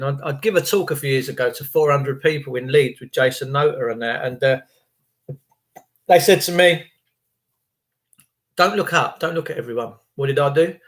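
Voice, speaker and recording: A man's voice: fairly high pitch, moderate pace, a bit bright. A man telling a rambling story in a chatty, emphatic, repetitive way. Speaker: vlogger.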